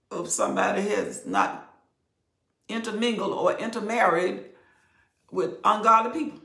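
Older woman Bible teacher, gravelly and bright-edged, preaching in an echoey room. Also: medium pitch. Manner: expressive, conversational preaching, drops to near whispers. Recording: roomy echo.

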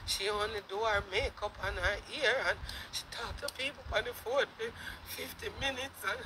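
A speaker voicing a whiny, scared young man who pleads softly and stammers. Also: medium pitch, steady tone, normal speed, noisy background, pitched below the performer's own voice, close to an everyday voice. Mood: mocking whine. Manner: soft, hesitant, stammering.

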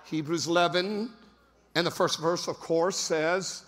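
A male pastor preaching a sermon, repeating phrases and breaking into sudden shouts for emphasis. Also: on the high side, fairly even intonation, unhurried. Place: large church sanctuary. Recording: long hall reverb.

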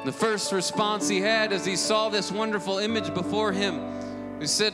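A man preaching a sermon as lead pastor, moving from a family story to forceful exhortation. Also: high voice, steady tone, moderate pace. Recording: long hall reverb with loud music beneath. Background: loud guitar music.

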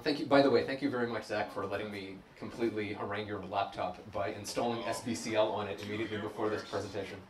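A man's voice: fairly low pitch, steady tone, fast, few pauses, crowd noise. A man giving a live coding talk at a meetup, chatty and self-deprecating, heard through a distant mic in a room with an audience. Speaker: conference speaker. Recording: echoey room, distant mic, background noise.

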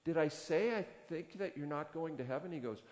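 A man's voice: lively intonation, moderate pace, darkish tone. A male pastor preaching a sermon in a casual, storytelling way, acting out both sides of a conversation. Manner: conversational, acts out dialogue with rising pitch. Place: church sanctuary. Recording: long hall reverb.

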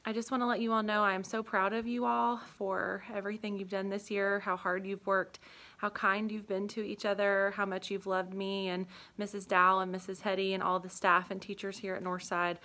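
A young woman teacher in an empty classroom, speaking an emotional farewell to her students and holding back tears, with many pauses and ums. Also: medium pitch, little pitch movement, sharp tone. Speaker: third grade teacher. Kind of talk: heartfelt farewell video message.

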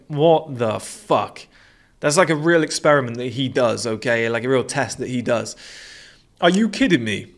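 Blunt British man swearing hard. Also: medium pitch. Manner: blunt, aggressive, swears a lot. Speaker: host. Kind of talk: casual monologue.

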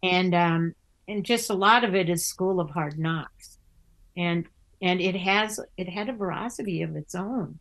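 A woman's voice: fairly low pitch, unhurried, a bit bright. An older woman, a theatre actor and author, chatting in an interview and telling stories with many restarts. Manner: chatty storyteller with many restarts, acting out other voices. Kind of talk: casual interview chat.

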